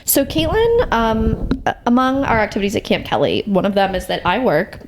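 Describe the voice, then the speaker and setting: A young woman co-hosting a podcast in casual chat, chatty and playful, quick to laugh. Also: fairly high pitch, very animated, slight background noise. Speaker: podcast co-host.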